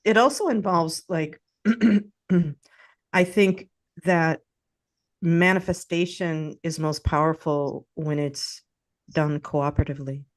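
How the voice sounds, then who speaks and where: A woman in casual conversation, speaking reflectively and often murmuring agreement. Her voice is on the low side. The sound is dry and close. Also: slow pace, dry recording. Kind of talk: casual chat.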